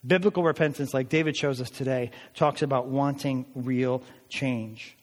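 A man's voice: mid-range voice, fairly even intonation, normal speed. Earnest man preaching in a reverberant hall. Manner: earnest, emphatic preaching with rising pleas. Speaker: pastor. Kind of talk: sermon.

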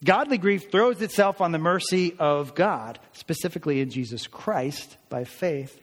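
A man's voice: on the high side, expressive, moderate pace, slightly rough, big-room sound. A man preaching a sermon as a pastor, earnest and emphatic, his voice rising on pleading passages.

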